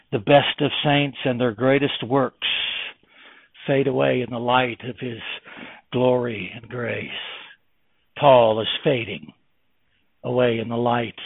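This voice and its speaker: A man preaching a sermon with impassioned delivery that swings between loud emphasis and hushed tones. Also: medium pitch, gravelly, husky, dry recording. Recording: tinny phone-like, dry.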